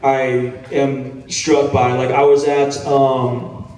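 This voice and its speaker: A man's voice: mid-range voice, flat delivery, slow pace, a little mellow, far from the mic. A man in his thirties, an actor telling stories to fans on a convention panel, chatty, laid-back and self-deprecating, swearing now and then. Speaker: actor answering fan questions on a panel. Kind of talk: casual storytelling Q&A. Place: large convention hall. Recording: echoey hall, mic picked up from afar.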